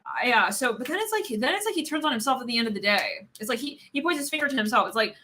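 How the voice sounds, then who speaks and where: A woman's voice: on the high side, animated, quick pace, pushed and bright, a little hiss or hum. A woman giving a casual live tarot reading, rambling with many fillers, swearing and laughing often. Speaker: tarot card reader.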